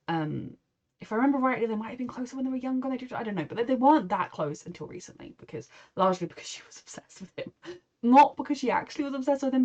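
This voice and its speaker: With a warm, mid-range voice, a reaction video host from England rambles emotionally through her take on a show, putting on mock voices whenever she quotes someone.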